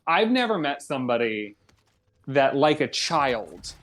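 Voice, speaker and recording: A man's voice: medium pitch, sing-song, unhurried, fairly bright tone. Young male podcast co-host, chatty storyteller, mid-range voice, easygoing. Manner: chatty storyteller, acts out both sides of a story. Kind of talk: casual gaming podcast chat.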